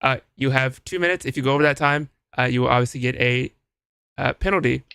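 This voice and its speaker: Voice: medium pitch, fast talker, vocal fry, fairly bright tone, clean tone, no echo. A host running a live game show, dry and teasing while calling the turns.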